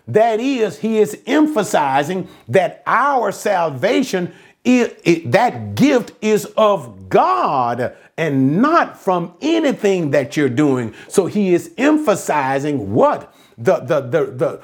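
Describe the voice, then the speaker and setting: A man's voice: high-pitched, very animated, slow pace. A man preaching an expository sermon, emphatic, asking and answering his own questions.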